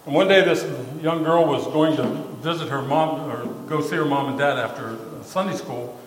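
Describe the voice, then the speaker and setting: A male pastor telling a story in a casual, halting sermon full of fillers and repeated words. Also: fairly high pitch, slight background noise. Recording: echoey hall with faint ambience.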